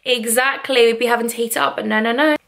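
A woman's voice: a little high, fairly even intonation, fast, creaky, fairly bright tone. A young woman from England in her twenties, chatting casually to a handheld vlog camera at home, bubbly, rambling and self-mocking. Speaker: vlogger. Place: home, indoors.

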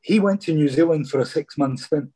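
Scottish man, dark husky voice, chatty storyteller. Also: a little high, fairly quick. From Scotland. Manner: chatty, says "mate" a lot. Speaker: guest, former footballer. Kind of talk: casual storytelling interview.

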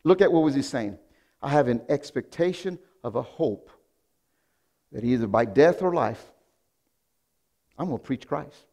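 A man pastor preaching a sermon, telling a story in a hushed voice and then breaking into loud, animated exclamations. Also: mid-range voice, a little slow, gravelly, long pauses. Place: church sanctuary.

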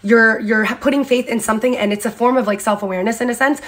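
A young woman giving a candid motivational talk, blunt and expressive, swearing freely and acting out her own self-talk. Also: on the high side, fast talker. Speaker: speaker in a reposted clip.

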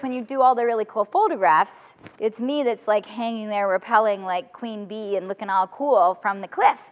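Woman speaker, high voice, humorous and animated; long hall reverb, dull audio. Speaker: motivational speaker. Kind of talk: lively talk to student teachers.

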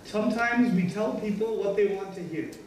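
A man's voice: high-pitched, moderate pace, darkish tone, slight background noise. A man giving an earnest Friday sermon, acting out short everyday dialogues as he explains. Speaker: preacher. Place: large mosque hall. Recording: distant echoey hall recording.

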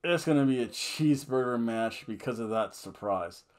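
A man's voice: mid-range voice, lively intonation, moderate pace. A man giving a casual, rambling, jokey wrestling review full of fillers and restarts.

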